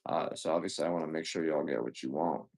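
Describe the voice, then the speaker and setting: A man with a bass voice, darkish in tone and fairly even in intonation, sells video games on a live stream. His chat is loose and foul-mouthed as he greets one viewer after the next.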